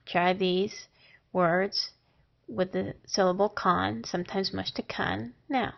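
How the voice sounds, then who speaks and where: Woman doing a phonics lesson, super slow, says each word on its own, kinda gravelly, dull lo-fi sound. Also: mid-range voice, steady tone. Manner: sounds out syllables and words one at a time with long pauses. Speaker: phonics teacher. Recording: dull lo-fi recording.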